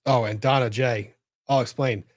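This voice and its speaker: A man's voice: medium pitch, steady tone, moderate pace, dry recording, clean studio sound. A man hosting a live legal commentary show, thinking aloud, exclaiming and swearing as he reacts.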